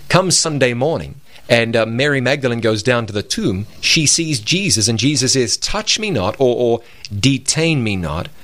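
Male Bible-show co-host, mid pitch, emphatic preacher style, quotes scripture. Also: lively intonation, normal speed, a bit bright. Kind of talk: religious broadcast discussion.

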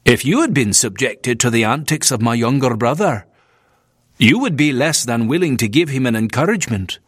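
A prim, disapproving Victorian minister grumbles about a younger relative, as a male reader puts him on. The delivery is stiff and fussy with a lively, wide-ranging pitch. The recording is dry and close. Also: moderate pace, husky, no room sound.

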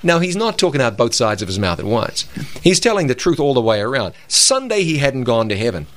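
A man's voice: medium pitch, big pitch swings, a little fast. A man co-hosting a Bible program, arguing his points emphatically and repeating words for stress. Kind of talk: conversational Bible teaching.

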